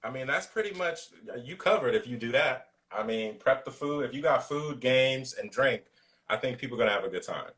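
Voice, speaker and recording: A man talking casually as a guest cook in a video-call interview, relaxed and loose, with lots of fillers. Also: medium pitch, fairly quick, far from the mic.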